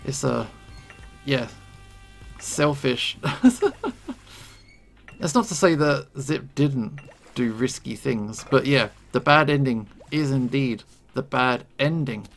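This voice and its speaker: Guy rambling through a let's play, gravelly voice, faint game music under it. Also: mid-range voice, slow pace. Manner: rambling, self-correcting, chuckling asides. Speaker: gaming video creator.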